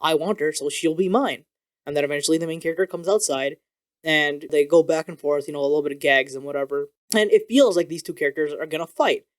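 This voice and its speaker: A man chats through a manga review in a loose, excitable vlog style, dropping casual curses along the way. He talks quickly, the words tumbling out, and his voice sits a little above the usual male pitch. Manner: animated and excitable, swears casually. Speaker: video creator reviewing manga.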